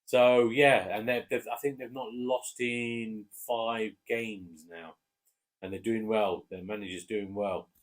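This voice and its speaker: A man with an English accent casually chatting through football match predictions, relaxed and hesitant with fillers. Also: fairly low pitch, slow. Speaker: co-host giving match predictions. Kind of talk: casual chat.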